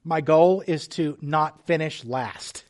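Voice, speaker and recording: A man preaching a sermon as pastor, earnest and measured, with restarts and small asides. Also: a little high, a little mellow.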